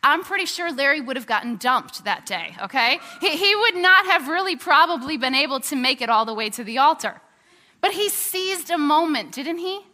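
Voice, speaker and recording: A woman's voice: sits high, moderate pace. A woman preaching a sermon in a chatty, storytelling way with lots of fillers, in a large hall. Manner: conversational, animated, many fillers. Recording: long hall reverb.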